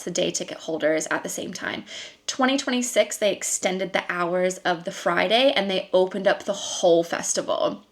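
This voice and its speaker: A woman vlogging casually to camera about a festival trip with her son, telling it in a chatty, rambling way with many ums and likes and a few laughs. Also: fairly low pitch. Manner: lively storytelling with laughs. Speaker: vlogger and costume maker.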